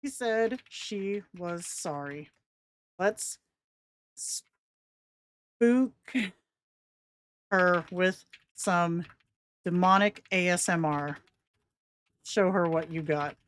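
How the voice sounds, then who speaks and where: A woman's voice: lowish voice, drawn-out words, long pauses. A woman hosting a casual live stream, giggly and enthusiastic as she talks to her viewers.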